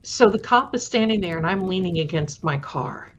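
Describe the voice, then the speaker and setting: A woman host telling her own spooky stories to a live audience in a chatty way, dropping to a hushed voice at tense moments. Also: on the low side, animated, moderate pace, slight background noise. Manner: addresses viewers fondly. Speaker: storytelling host. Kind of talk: casual live storytelling. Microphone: live-stream mic. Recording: dull lo-fi stream audio.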